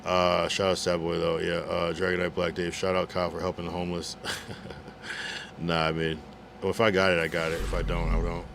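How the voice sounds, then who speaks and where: Laid-back male streamer, deep voice, reads chat aloud, faint hiss behind. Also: completely flat delivery, fairly quick, creaky. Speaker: livestreamer reading chat. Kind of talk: casual livestream chat.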